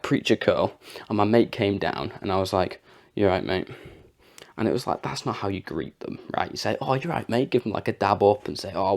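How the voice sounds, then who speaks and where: A young man talks casually about mindset, rambling through plenty of fillers. His voice sits low and has a gravelly fry, roughened further by a sore throat. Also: a little mellow. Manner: rambling and chatty, with frequent fillers and laughs. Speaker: vlogger. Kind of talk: casual motivational talk to camera.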